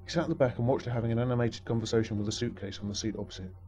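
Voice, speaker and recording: A man's voice: medium pitch, steady tone, rapid-fire, dark tone, low-quality recording. A man narrating a story in a dry, wry manner.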